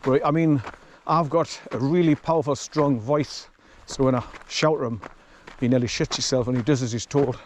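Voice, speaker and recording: A man in his sixties talking casually and rambling a bit while walking through quiet countryside. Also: mid-range voice, moderate pace, hardly any pauses, slight background noise. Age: 60s. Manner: rambling and chatty, swears casually. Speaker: vlogger.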